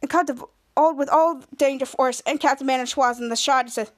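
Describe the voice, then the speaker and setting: A woman's voice: high-pitched, fairly even intonation. A woman podcast host recapping a TV episode scene by scene, stumbling through restarts and half-finished words as she goes. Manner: halting retelling with frequent restarts and cut-off words.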